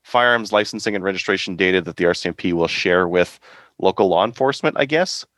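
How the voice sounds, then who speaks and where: A man's voice: low voice, quick pace, fairly bright tone, dry recording, clean studio sound. A man co-hosting a podcast, making his case casually with frequent hesitations. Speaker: podcast co-host. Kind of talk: casual chat.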